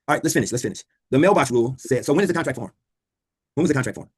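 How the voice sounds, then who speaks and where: Fast, husky-voiced man teaching a law class. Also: medium pitch, expressive, a little mellow. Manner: quizzing students, repeating key points. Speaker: law instructor. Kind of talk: online class lecture. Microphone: video call.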